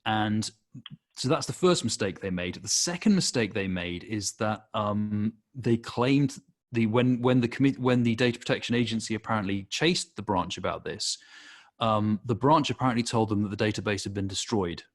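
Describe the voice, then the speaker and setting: A man's voice: fairly low pitch, normal speed. A man co-hosting a podcast, running through a news roundup in a chatty, wry, self-deprecating way. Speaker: podcast co-host reading news segment.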